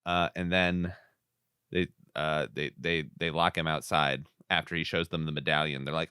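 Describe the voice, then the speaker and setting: A man co-hosting a podcast, recapping a movie in casual chat and telling it in an animated way. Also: deep voice, normal speed, clean tone, dry recording, clean studio sound. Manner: animated storyteller, jumps into silly voices. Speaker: podcast co-host.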